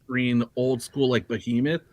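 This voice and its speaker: A man's voice: mid-range voice, little pitch movement, measured pace, no room sound. A man chatting casually as a guest on a livestream, rambling with many fillers and restarts. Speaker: guest collector.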